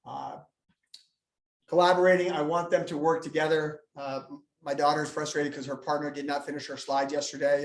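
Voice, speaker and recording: A man's voice: on the high side, normal speed. A man, a school administrator, giving a live presentation to parents, telling funny stories and acting out students. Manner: animated storyteller, jokes and acts out students. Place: school meeting room. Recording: echoey room, live meeting.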